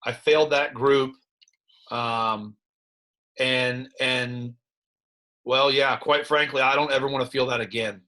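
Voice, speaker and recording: Candid, halting Midwestern coach. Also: male voice, mid-range voice, fairly even intonation, pushed and bright. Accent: Midwestern American. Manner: halting, many restarts and fillers, candid. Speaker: high school head football coach. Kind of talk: reflective interview talk.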